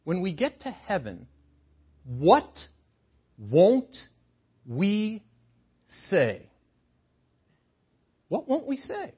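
Older man preaching, husky and lively. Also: high voice, drawn-out words, long pauses, dull audio. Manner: animated, joking with the congregation. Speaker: guest preacher. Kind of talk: sermon. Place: chapel sanctuary.

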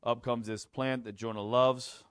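A man preaching a sermon in a conversational way, with fillers like "you know" and "kinda", who rises into animated acted-out quotes. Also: medium pitch, unhurried, clean tone, no room sound, clean studio sound. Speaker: pastor.

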